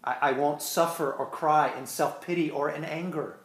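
A man's voice: on the high side, steady tone. Earnest preaching man in an echoey room. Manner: earnest preaching, swings between quick bursts and slow stressed words. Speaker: pastor. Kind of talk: sermon.

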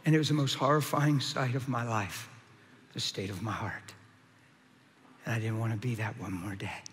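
A man preaching his testimony, moving between hushed and shouted lines with dramatic energy. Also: medium pitch, normal speed, big-room sound, a little hiss or hum. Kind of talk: testimony sermon.

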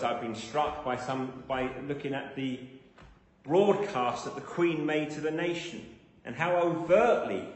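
A man preaching a sermon to a congregation, building to emphatic, repeated phrases. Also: a little high. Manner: builds to emphatic, rising repetition. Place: church. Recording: echoey reverberant church hall.

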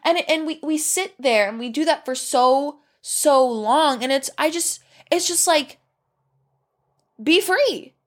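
A woman's voice: high voice, a little slow, few pauses. A young woman hosting a solo podcast, talking in a rambling, candid, profane way and drifting off topic. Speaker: podcast host. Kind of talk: casual solo podcast monologue.

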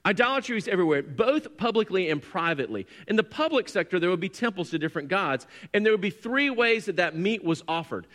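Animated high-voiced pastor in a reverberant hall. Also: male voice, fast, few pauses. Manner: animated, swings from quiet to loud and excited. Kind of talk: sermon with personal storytelling. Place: church hall.

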